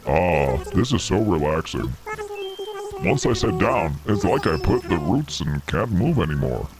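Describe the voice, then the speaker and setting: A man voicing a small lab mouse villager through a voice changer that drops his voice deep, slow and contented. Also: very animated, music in the background, heavily acted. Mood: lazy contentment. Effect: voice changer lowering pitch.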